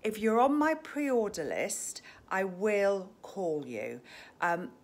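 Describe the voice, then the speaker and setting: A woman hosting a live-streamed shop tour. She is chatty and gushing, sometimes dropping to a hushed near-whisper, and speaks into a handheld phone in an indoor shop. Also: medium pitch, big pitch swings, slow pace. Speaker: shop host. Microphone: phone camera held in hand.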